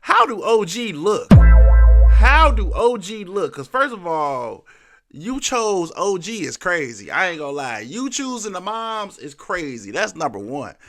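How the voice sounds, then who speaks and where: Gravelly, animated reaction host. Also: male voice, sits high, unhurried, soft background music. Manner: animated, laughing, repeats himself. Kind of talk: casual reaction commentary. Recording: noisy home setup.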